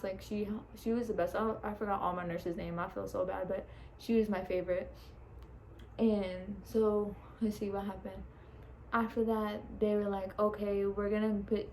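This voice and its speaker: A woman's voice: medium pitch, mellow, low-quality recording. A young woman casually telling a personal story, chatty, laughing often and swearing freely. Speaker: vlogger. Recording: faint background noise.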